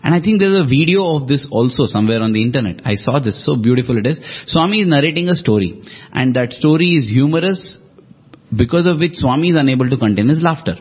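A man's voice: mid-range voice, expressive, fast talker, breathy edge. A man, joining a conversation about devotional stories and recalling an episode of his own. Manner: attentive, responds with short affirmations. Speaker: co-host in a devotional talk. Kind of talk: conversational discussion. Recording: dull lo-fi audio.

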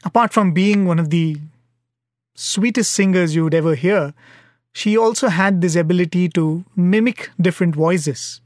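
A man giving a devotional talk, telling a story in an earnest, unhurried way. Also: high voice, dry recording, clean studio sound. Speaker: devotional speaker.

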